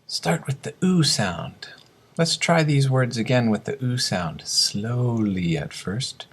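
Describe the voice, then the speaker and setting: Slow, gravelly male pronunciation teacher. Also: mid-range voice, very animated. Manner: slow, deliberate word drills. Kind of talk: scripted lesson narration.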